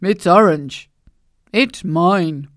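A woman's voice: fairly low pitch, extremely slow, dry recording, clean studio sound. Woman doing a stubborn, sulky storybook king. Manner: short, stubborn replies.

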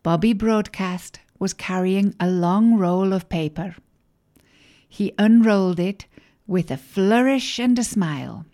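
Slow, mellow woman storyteller. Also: mid-range voice. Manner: gentle, clear, deliberate reading. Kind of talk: children's story narration.

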